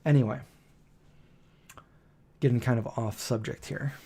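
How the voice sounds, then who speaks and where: A man in his forties chats casually on a live stream, drifting from one family story to the next. He acts out the lines of the people in his stories, and his voice sits slightly higher than most men's. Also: moderate pace, a little mellow. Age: 40s. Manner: anecdotal, acts out quoted dialogue. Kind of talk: rambling live stream chat.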